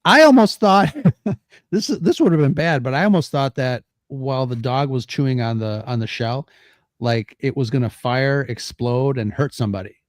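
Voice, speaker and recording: A chatty man on a casual rewatch podcast, often padding his sentences with "like". His voice has a plain middle pitch. The recording is dry and close. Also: moderate pace, no room sound. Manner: chatty, fills with "like".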